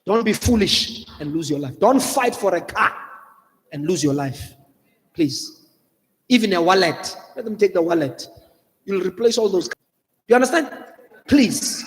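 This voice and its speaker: A man's voice: sits high, expressive, unhurried, long pauses, long reverb tail. A man with a South African accent preaching a sermon as a pastor, earnestly pleading and repeating his warnings, slipping Xhosa phrases into his English. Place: church hall.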